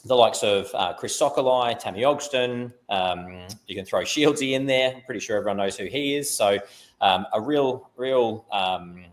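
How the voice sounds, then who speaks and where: A man's voice: on the low side, normal speed. A man from Queensland hosting a casual referee Q&A over a video call, with many fillers. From Queensland, Australia. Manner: friendly, filler-heavy wrap-up. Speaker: host of a referee coaching session.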